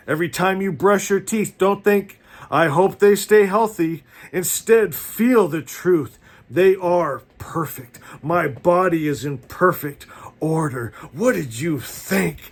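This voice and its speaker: A man teaching as a spiritual leader, reading passages aloud and preaching to his followers in a fervent, exhorting way. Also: a little high. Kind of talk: inspirational sermon reading aloud.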